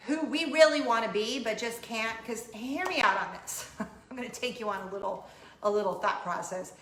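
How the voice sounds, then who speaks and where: Chatty giggly mom host, bright animated voice, echoey room with faint hum. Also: female voice, a little high. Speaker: host, mother. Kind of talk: casual chat vlog.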